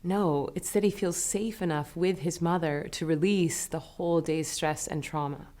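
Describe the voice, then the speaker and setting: Woman, meditation teacher, low voice, gentle, soothing, unhurried. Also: fairly even intonation. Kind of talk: guided meditation lesson.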